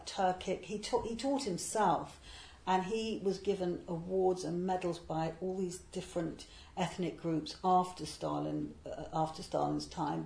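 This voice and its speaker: A woman, a literary translator, explaining a poet's life in a digressive way and reading verse slowly and deliberately. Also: fairly low pitch, gravelly, mellow, roomy sound, low-quality recording. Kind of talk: talk on poetry with a verse reading.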